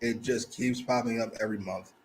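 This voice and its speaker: A man's voice: medium pitch, steady tone, fairly quick, a little mellow, slight background noise, poor audio. A man co-hosting a casual wrestling review podcast, talking bluntly, profanely and mockingly. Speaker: podcast co-host.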